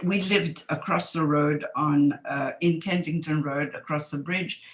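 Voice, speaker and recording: A woman in her seventies calmly sharing childhood memories, reflective and wry. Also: low-pitched, roomy sound, rough recording. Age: 70s. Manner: unhurried, reflective, with wry asides. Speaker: community member sharing memories. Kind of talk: reminiscing oral history.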